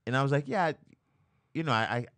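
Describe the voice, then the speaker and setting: A man's voice: medium pitch, brisk, very noisy. A man telling funny stories on a casual podcast, acting out quotes and laughing often. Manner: animated storyteller, laughs often, acts out quotes. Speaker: comedian guest. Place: studio, live-streamed.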